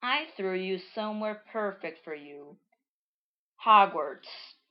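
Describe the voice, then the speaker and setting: A woman voicing an excitable young heroine girl in a high, squealy voice, reading from a homemade comic. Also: slow. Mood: cheerful. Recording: dull lo-fi recording.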